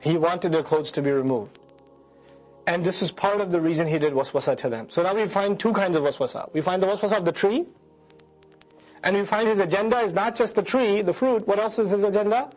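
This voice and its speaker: A man's voice: high-pitched, brisk, a little mellow, faint music behind, poor audio. A man lecturing on scripture, reciting verses, translating them and putting rhetorical questions to his audience. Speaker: Quran lecturer. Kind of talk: religious lecture.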